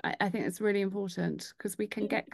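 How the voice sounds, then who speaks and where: A woman's voice: mid-range voice, fairly even intonation, quick pace, gravelly, dry recording, studio quality. A woman hosting a podcast, chatting casually and agreeing often. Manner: agreeable, frequent "yeah" backchannels. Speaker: podcast host. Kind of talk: casual chat.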